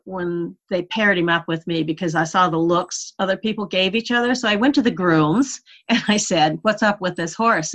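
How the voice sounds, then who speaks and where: A woman guest in an interview, telling a story in a lively, animated way. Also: on the low side. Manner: animated storyteller, laughs while recalling. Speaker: interview guest, horse rider.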